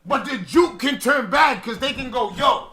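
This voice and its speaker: A man co-hosting a podcast in casual chat, excitable and loudly breaking in on the story. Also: extremely high pitch, moderate pace, echoey room, slight background noise. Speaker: podcast co-host.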